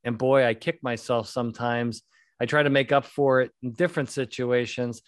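A man's voice: mid-range voice, steady tone, normal speed, dry recording. Middle-aged male podcast host, joking rambler, dead-dry room. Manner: rambling, joking, self-deprecating storyteller. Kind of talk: casual podcast chat. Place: home podcast studio.

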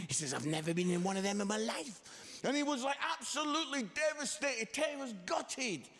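High-voiced preacher in a reverberant hall. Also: male voice, moderate pace. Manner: lively, animated storytelling with quoted voices. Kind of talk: sermon with storytelling.

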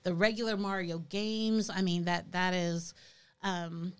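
A middle-aged woman chats easily on a podcast, often stopping with ums and restarting her sentences. Her voice sits fairly low and sounds smooth and clear. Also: flat delivery, unhurried. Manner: chatty, hesitant with many ums and restarts. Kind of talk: casual chat.

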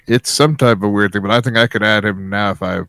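A man co-hosting a wrestling stream, speaking quickly in a lowish, smooth, clear voice. His delivery is steady and matter-of-fact, recorded dry and close. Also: no room sound. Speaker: co-host. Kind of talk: live wrestling stream chat.

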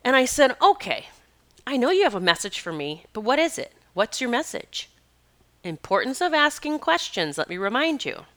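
Bright, crisp-voiced woman telling a story. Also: mid-range voice. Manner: rambling and conversational, with many asides and "you know". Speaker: animal communicator and healer. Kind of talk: personal storytelling.

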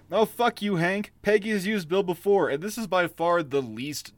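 A man's voice: high voice, no echo, studio quality. Profane, ranting podcast man. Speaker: podcast co-host. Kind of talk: casual chat.

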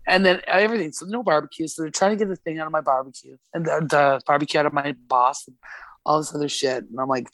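A woman's voice: deep voice, expressive, quick pace, a bit bright, no echo. A woman guest on a casual podcast, telling a story with lots of swearing and acted-out quotes. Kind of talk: casual chat. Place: podcast studio.

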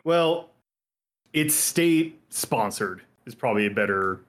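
A man running a tabletop role-play game as game master. He explains the setting hesitantly, with many fillers and restarts. His voice sits at an ordinary middle pitch. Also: lively intonation, unhurried, a bit bright. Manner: hesitant, full of fillers, explains rules at length.

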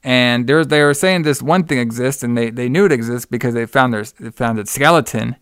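A man's voice: medium pitch, fairly quick, a bit bright, clean tone, no room sound. A man in casual chat, retelling a movie plot in a loose, profane, rambling way and laughing often. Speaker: podcast co-host recapping a movie.

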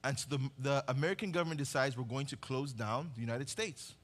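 A man's voice: mid-range voice, brisk. A male pastor preaching a sermon, telling a vivid story and acting out the voices of its characters. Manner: storytelling, acts out voices, builds to impassioned climax.

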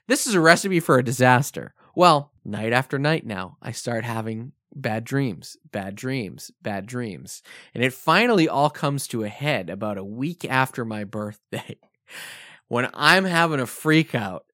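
A man spins a casual podcast story with a very expressive, rising and falling voice. He acts out quoted lines as he goes. The sound is dry and close. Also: medium pitch, a little slow, dry recording. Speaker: podcast co-host.

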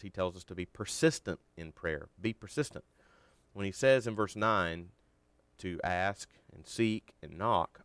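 A man giving an earnest devotional teaching on a Bible chapter, slowing down to stress key words. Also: low voice, a bit bright, dry recording.

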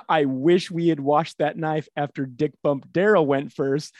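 A man's voice: on the high side, fairly even intonation, a little slow. A man hosting a comedy podcast, casually retelling a story in an irreverent, crude way. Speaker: podcast host.

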